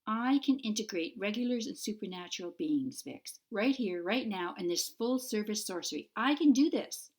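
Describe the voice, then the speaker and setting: A woman's voice: mid-range voice, lively intonation, moderate pace, hardly any pauses, a little mellow, voice pushed up, natural voice. Woman voicing an eager young witch. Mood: pleading. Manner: insistent, pleading. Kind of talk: audiobook character voice.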